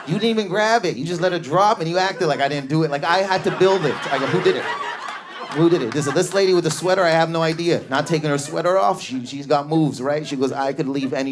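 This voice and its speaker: A man doing stand-up comedy on a club stage, telling stories with frantic, raging energy and sudden shifts in tone. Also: fairly high pitch. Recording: live club with crowd laughter.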